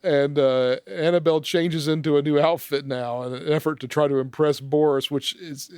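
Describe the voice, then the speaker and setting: A man's voice: fairly high pitch, fairly even intonation, normal speed, darkish tone, smooth, dry recording, clean studio sound. A man recapping a movie scene by scene from his notes in a casual podcast chat, laughing often. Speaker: film discussion podcast member.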